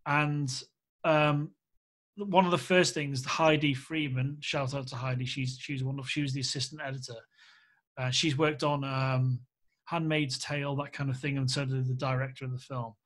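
A man's voice: medium pitch, moderate pace. A man from Australia, a filmmaker guest on a podcast, telling a candid anecdote and acting out the people he quotes. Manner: candid, animated anecdote-teller who acts out quoted speech. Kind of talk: casual podcast interview storytelling.

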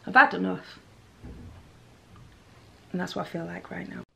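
A lifestyle vlogger talks casually to her handheld camera mic at home, rambling, chatty and poking fun at herself. Her voice is fairly low and steady in tone, gravelly and a little slow, with background noise behind it.

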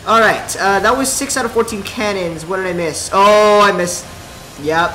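Young male gaming host, bright and chatty, mic in a roomy space. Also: sits high, brisk, slight background noise. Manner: excitable, chatty, talks to the viewers while playing. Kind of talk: let's play commentary. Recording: roomy home recording. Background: faint game music.

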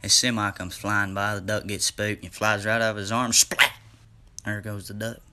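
A man's voice: fairly low pitch, flat delivery, moderate pace, pushed and bright, clean tone. A man casually telling a bawdy joke in a folksy, drawling storytelling manner. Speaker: joke teller.

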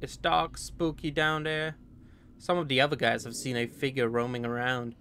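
A man's voice: medium pitch, flat delivery, normal speed, pushed and bright, slight background noise. A man voicing a young male sailor, reading a tender, homesick love letter in a put-on stereotypical American accent. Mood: wistful. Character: young male sailor writing home to his sweetheart.

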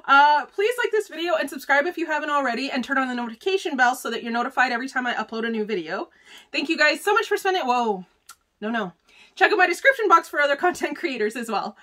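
A bubbly woman vlogger talks her way through a beauty subscription box in a casual chat to camera. Her voice sits a little high and swoops animatedly, and she gushes excitably over each item. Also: quick pace. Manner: gushing, excitable, chatty with frequent "like" and "oh my gosh".

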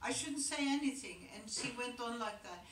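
Older actress fielding audience questions, halting and reflective, heard from afar in a roomy hall. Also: female voice, on the high side, animated, a bit bright, slight background noise. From Norway. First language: Norwegian. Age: 70s. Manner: reflective, halting, with pauses and restarts. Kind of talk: onstage Q&A storytelling. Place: large theater auditorium. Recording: echoey hall, picked up from far off.

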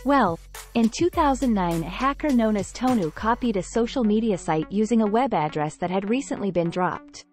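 A woman reads a book summary as scripted narration, with a measured and explanatory delivery. Her voice sits at an ordinary middle pitch for a woman. Soft music plays faintly underneath. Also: lively intonation.

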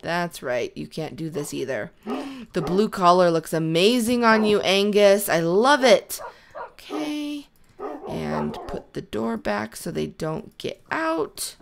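A young woman hosting a Minecraft let's play, bubbly and excitable, gasping and shrieking at what happens. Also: medium pitch, takes it slowly, creaky, noisy background. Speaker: host.

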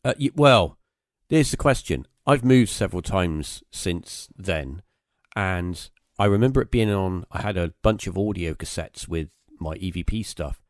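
A man's voice: sits low, animated, measured pace, no echo, studio quality. A man hosting a podcast, telling a long anecdote in a rambling, casual way with plenty of fillers. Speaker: podcast host. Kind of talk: casual conversation, storytelling.

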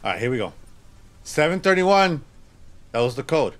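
A man playing a horror game on his channel, talking to himself and yelping with excitement. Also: fairly high pitch, moderate pace. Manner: excitable, yelps and laughs, talks to himself.

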